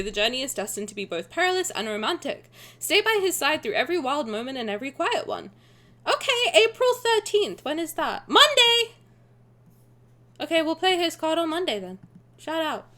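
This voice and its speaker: A young woman streaming a reaction to a game trailer, excitable and gushing, swearing and laughing as she talks. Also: sits high. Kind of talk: casual live reaction chat.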